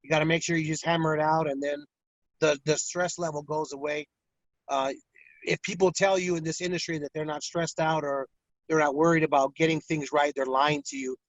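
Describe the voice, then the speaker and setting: Lively boxing ring announcer, dull dry audio. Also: male voice, a little high, a little fast, no room sound. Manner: animated storyteller, acts out fighters' voices. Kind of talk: casual interview talk.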